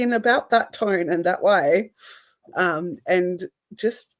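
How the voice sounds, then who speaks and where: A middle-aged woman co-hosting a casual podcast, speaking in a low, unhurried voice. She talks in a reflective, measured way and laughs softly now and then. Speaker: podcast co-host.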